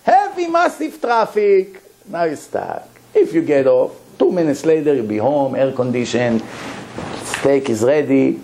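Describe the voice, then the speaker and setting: A man, a rabbi, telling a story in a sermon, animated and swinging between low asides and sudden high exclamations. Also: measured pace, slight background noise, poor audio.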